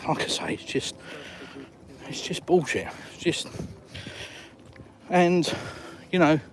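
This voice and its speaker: A man's voice: a little high, animated, slow pace, background noise. A man from England with a southern English accent, chatting bluntly and with dry humor while live streaming outdoors and answering viewers. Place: outdoors by the coast.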